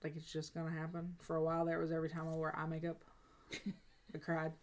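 A young woman talking candidly in a casual family chat, laughing easily and thinking out loud about her feelings. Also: low voice, completely flat delivery, fast talker, slight background noise. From raised as a pastor's kid. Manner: candid, laughs often, reflective. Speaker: podcast co-host, family member.

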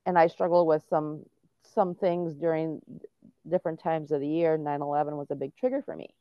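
A woman's voice: deep voice, steady tone, moderate pace, dry recording. A middle-aged woman, a guest on an interview podcast, explaining things earnestly with frequent restarts. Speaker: guest, autism and veterans advocate. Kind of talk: casual interview talk. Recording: dull lo-fi dry sound.

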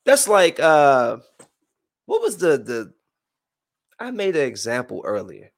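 A young man venting to his viewers in a heated, rambling monologue that swings between low brooding and loud outbursts. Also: wildly swooping pitch, slow pace, pauses often. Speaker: vlogger.

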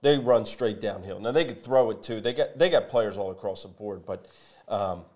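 A man hosting a local high school football talk show, reading sponsor spots and previewing games in a lively, conversational way. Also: normal speed. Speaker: sports show host. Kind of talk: sports talk and sponsor reads.

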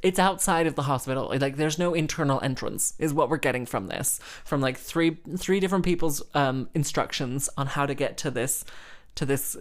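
A woman's voice: sits low, normal speed. A woman who plays the harp, telling a rambling, chatty anecdote full of "like" and small laughs. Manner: chatty and rambling, heavy use of "like", laughing between phrases. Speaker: harpist. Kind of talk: casual anecdote storytelling.

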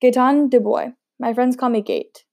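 A woman's voice: on the high side, steady tone, moderate pace, creaky, a little mellow, no echo. A woman reading aloud, voicing a scruffy, wiry young man who is a blunt, teasing ex-prisoner in a storybook.

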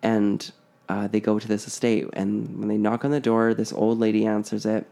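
A man casually retelling a spooky story, with a relaxed, rambling manner full of "like" and "uh". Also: on the low side, moderate pace, vocal fry. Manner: relaxed, filler-heavy, frequent "like".

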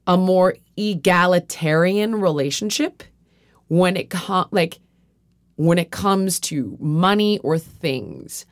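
A woman's voice: lowish voice, takes it slowly, no echo, clean studio sound. A woman hosting a podcast, talking in a candid, rambling, profane way with frequent restarts. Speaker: podcast host. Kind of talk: casual podcast chat.

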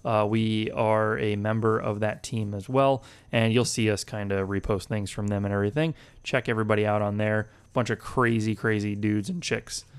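A man's voice: fairly low pitch, steady tone, normal speed, hardly any pauses, clear, resonant tone. A man co-hosting a gaming podcast, joking loosely and swearing casually as he chats. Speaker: podcast co-host.

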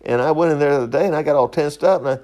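A man's voice: on the high side, rapid-fire, a little mellow. A middle-aged man, hosting a podcast in a rambling, folksy monologue and laughing at his own stories. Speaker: podcast host.

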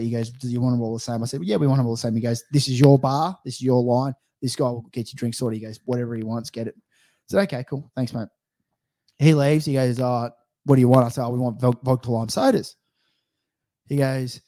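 A man's voice: medium pitch, mellow. A young Australian man telling a rambling, sweary story as a casual podcast co-host. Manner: rambling, swears freely, acts out quotes.

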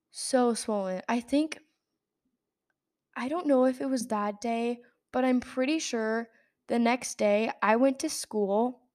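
A woman's voice: on the high side, smooth. A young adult woman hosting a podcast, telling a personal story in a rambling, casual way full of fillers and restarts. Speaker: podcast host.

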